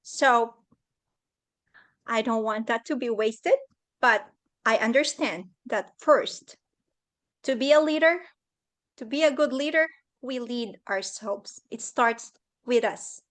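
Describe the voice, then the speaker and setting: A woman with a high voice shares a personal story as a summit guest, in an earnest, heartfelt manner. She speaks at an unhurried, slow pace. The sound comes through a video call.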